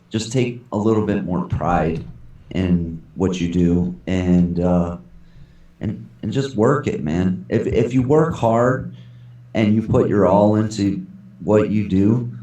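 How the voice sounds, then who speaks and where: Casting note: a deep, mellow-voiced male guest who stumbles over repeated words, heard from off mic. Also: distant mic. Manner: halting, repeating words as he gives advice. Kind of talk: casual live stream chat. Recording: echoey room, off mic.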